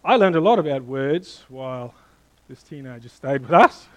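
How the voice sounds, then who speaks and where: A middle-aged man preaching a sermon, animated and playful, quizzing the congregation and then dropping to a hushed tone for emphasis. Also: mid-range voice, normal speed, poor audio. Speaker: pastor.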